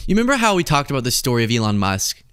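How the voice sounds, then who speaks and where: A male podcast host delivers political commentary with sarcastic energy. His voice swings lively up and down in pitch, and it is recorded dry and close on a studio mic. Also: rapid-fire, smooth, no room sound. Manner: sarcastic, animated.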